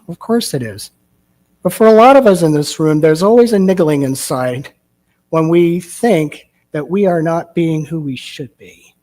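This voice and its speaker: A man's voice: on the high side, darkish tone. A male minister giving a sermon, telling a story and asking rhetorical questions. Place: church sanctuary.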